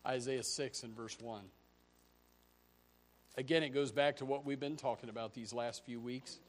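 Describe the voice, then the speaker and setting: Man preaching, hushed to shouting. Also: medium pitch, fairly even intonation, normal speed. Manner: preaching with rhetorical questions, swinging from hushed to shouted. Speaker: pastor. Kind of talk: sermon.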